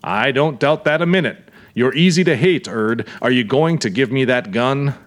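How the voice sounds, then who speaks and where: A man's voice: mid-range voice, moderate pace, close to an everyday voice. A man voicing a firm, blunt young small-town police officer, in an audiobook reading. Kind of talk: audiobook character voice.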